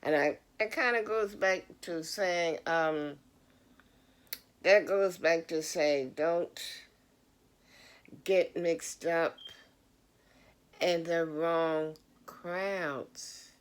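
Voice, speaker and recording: Middle-aged woman vlogger, unhurried and preachy, slightly low voice, talks straight to viewers. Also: clean tone. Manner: earnest, preachy, addresses the audience directly. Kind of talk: casual motivational talk.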